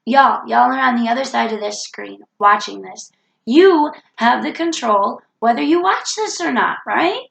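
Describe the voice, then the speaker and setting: Woman w a cold giving a preachy self-help vlog talk, kinda high gravelly voice, echoey room. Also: animated, measured pace, a bit bright. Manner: earnest, preachy, repeats key phrases. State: has a cold. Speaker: vlogger.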